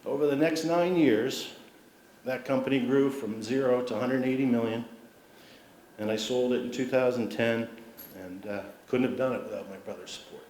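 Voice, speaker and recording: A man's voice: medium pitch, normal speed, a little hiss or hum. A middle-aged man giving an acceptance speech at an awards ceremony, telling family stories with humor. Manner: warm anecdotal storytelling with humor. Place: large civic hall. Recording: roomy hall with faint ambience.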